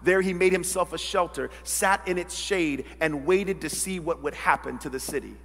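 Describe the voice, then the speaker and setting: A male pastor preaching a sermon, dramatic, acting out quoted voices and swinging from loud to hushed. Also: fairly high pitch, moderate pace, gravelly, long reverb tail. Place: church sanctuary.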